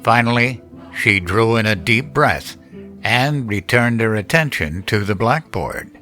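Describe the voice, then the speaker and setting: Slow, measured male horror narrator. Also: lowish voice, expressive, bright, forceful tone. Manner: measured, deliberate storytelling. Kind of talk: scripted horror story narration. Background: music.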